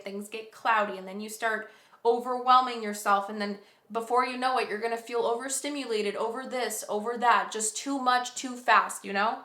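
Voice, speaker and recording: A woman's voice: mid-range voice, pushed and bright, reverberant. A woman giving a pick-a-card tarot reading, earnest and reassuring as she talks straight to the viewer, a bit sleepy. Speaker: tarot reader.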